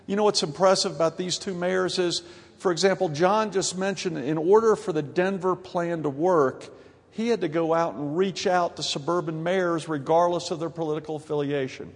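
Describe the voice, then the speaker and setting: Southern guy, mayor giving a speech, kinda high voice, long echo off a big hall. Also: moderate pace, husky. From grew up in Ohio and North Carolina. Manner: folksy, joking, gets louder and more emphatic. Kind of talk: conference speech.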